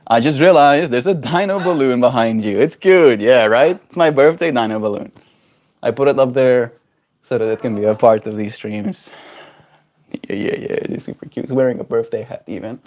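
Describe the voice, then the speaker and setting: A young man streaming casually from home, chatting and slipping into high sing-song baby talk with his pet bird. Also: measured pace, darkish tone. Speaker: daily livestreamer. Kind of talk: casual chat. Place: home, indoors.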